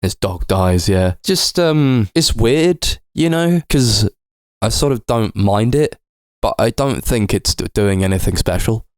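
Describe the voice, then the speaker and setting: This is a young man with a fairly low voice, recorded close on a dry podcast mic. He rambles through his film opinions in casual chat, swearing as he goes, and acts out the characters with goofy voices. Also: expressive, measured pace, dry recording. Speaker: podcast co-host.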